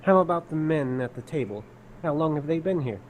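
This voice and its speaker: A man's voice: fairly high pitch, expressive, fairly quick, a little hiss or hum, low-quality recording. Formal-sounding man role-playing a character. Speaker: player. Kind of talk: in-character role-play at a tabletop game.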